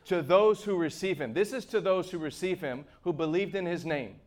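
A man preaching a sermon with passion, moving between shouts and hushed asides. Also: high-pitched, moderate pace.

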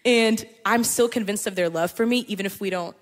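A woman on a panel giving casual encouragement about faith in a playful, chatty way. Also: mid-range voice. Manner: playful and chatty, quick to laugh. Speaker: panel guest. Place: large hall at a live church gathering. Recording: long hall reverb.

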